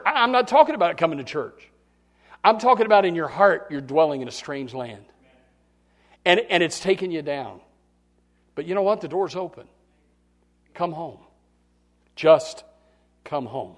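A male pastor preaching a sermon, dropping to quiet pleading and rising to loud shouts, often repeating words as he goes. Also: fairly high pitch, animated, normal speed, long pauses.

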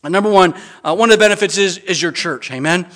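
A man's voice: high-pitched, fast talker, a bit bright. A middle-aged man preaching an earnest sermon as pastor, with frequent stammering restarts and emphatic rises.

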